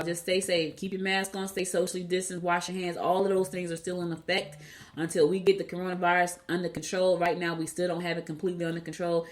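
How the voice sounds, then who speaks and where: A woman's voice: fairly low pitch, flat delivery, brisk. A woman raised in New Jersey hosting a casual solo podcast, chatty and repeating herself as she retells conversations. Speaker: podcast host.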